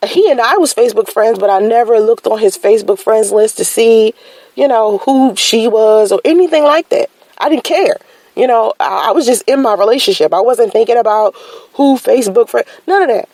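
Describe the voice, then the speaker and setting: A woman telling a personal story in a casual, slangy way, jumping up high when she acts out her own shocked reactions. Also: moderate pace, no echo, low-quality recording. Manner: animated, slangy storytelling with sudden high-pitched exclamations.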